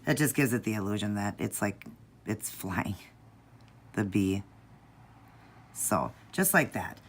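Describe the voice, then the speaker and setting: A woman calmly talking viewers through a nail art tutorial step by step, in a patient, instructive way. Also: slow pace, slight background noise. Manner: patient, instructive, low-key.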